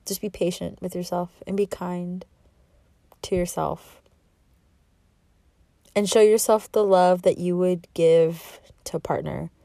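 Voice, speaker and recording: Young woman podcast host, rambling and heartfelt, mellow lowish voice, dry close sound. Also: steady tone, takes it slowly, gravelly, pauses often, no echo. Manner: rambling, heartfelt, self-reflective, with laughs. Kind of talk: candid solo podcast monologue.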